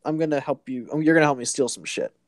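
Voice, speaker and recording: A man hosting a casual comic book recap, rambling along with halting restarts and fillers. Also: mid-range voice, animated, dry recording, studio quality. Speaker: host.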